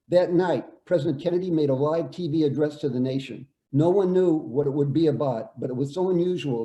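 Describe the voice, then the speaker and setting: Older man, veteran storyteller, very dark mellow tone, measured delivery, echoey room. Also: on the high side. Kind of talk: reading a prepared personal story.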